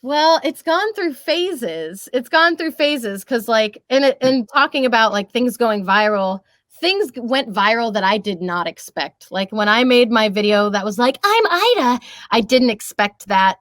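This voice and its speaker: A woman in her twenties, a voice actress talking as a podcast guest, lively and laughing often, slipping into character voices. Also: a little high, measured pace, no echo. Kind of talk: casual podcast interview.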